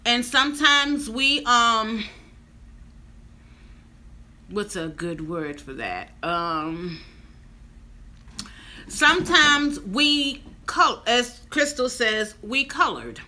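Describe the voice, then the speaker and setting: A woman's voice: a little high, big pitch swings, extremely slow, long pauses, pushed and bright. A woman in her fifties telling a personal story to her viewers in a chatty vlog. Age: 50s. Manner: chatty, addresses viewers directly. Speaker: vlogger.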